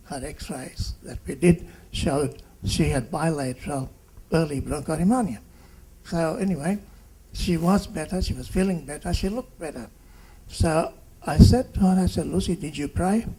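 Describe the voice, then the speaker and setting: A man in his seventies from Fiji, a doctor giving a halting reunion speech that turns into an animated patient story. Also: on the high side, slight background noise, low-quality recording. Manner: halting, with restarts and animated quotes.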